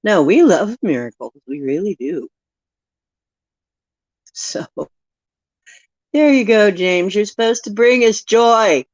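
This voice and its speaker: A woman's voice: medium pitch, expressive, dry recording. A woman hosting a live stream, reading oracle cards aloud in a playful, self-mocking way. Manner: playful, laughs at herself, reads card texts slowly. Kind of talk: casual live stream chat. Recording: dull lo-fi recording.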